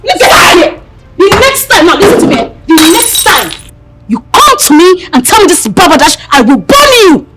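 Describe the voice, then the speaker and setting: Scornful, hot-tempered Nigerian madam. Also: female voice, very high voice, big pitch swings, normal speed, very noisy. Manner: scolding, mocking, blunt. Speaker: employer of the maid.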